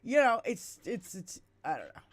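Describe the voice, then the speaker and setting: Woman, podcast host, brash and outspoken, swears freely, slightly high voice, close-miked. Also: wildly swooping pitch, normal speed. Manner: loud, blunt, heavy swearing. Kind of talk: casual political chat. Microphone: musician's mic held close.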